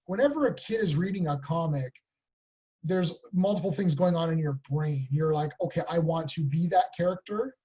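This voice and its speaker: Husky excited man talking comics. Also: a little high, moderate pace. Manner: excited, rambling, acts out quotes. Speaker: podcast co-host. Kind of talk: casual comic book discussion.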